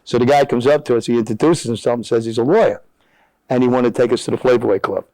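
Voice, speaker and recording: A man's voice: mid-range voice, fast talker, no echo. An older man, a former basketball player telling stories as an interview guest, often checking in with "all right?". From Jersey City, New Jersey. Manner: animated storyteller, tags lines with "all right?". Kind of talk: storytelling in casual conversation.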